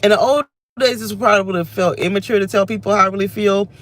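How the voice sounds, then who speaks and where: In a mid-range voice and at a fast clip, a thirty-something woman vlogs from her car. It's an emotional personal rant to camera, rambling and self-reflective as she airs her feelings.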